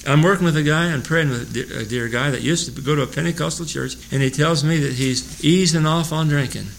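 An older man teaching through a Bible passage verse by verse, chuckling often, mixing homespun asides with slow scripture reading. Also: a little high, vocal fry, a little hiss or hum, rough recording.

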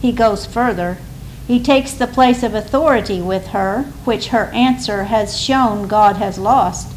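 A woman giving a measured, deliberate reading of a devotional commentary. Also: mid-range voice, slight background noise, rough recording. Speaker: reader.

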